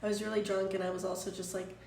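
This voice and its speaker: A woman's voice: mid-range voice, flat delivery, very fast, creaky, darkish tone. A woman in her twenties, a streamer, telling a long story in casual chat, full of fillers and restarts. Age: 20s. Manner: rambling, filler-heavy storytelling. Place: apartment room. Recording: roomy distant mic, faint room noise.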